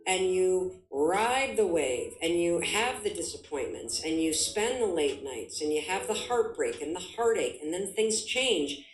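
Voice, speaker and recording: A woman's voice: lowish voice, animated, unhurried, few pauses, roomy sound, soft background music, poor audio. A woman giving an emphatic motivational talk as a guest, full of vivid examples. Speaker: guest speaker.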